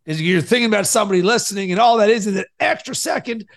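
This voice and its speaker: A man hosting a podcast and coaching his guest, energetic, swinging between loud and soft to make his points. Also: high-pitched, quick pace, creaky. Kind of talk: coaching conversation.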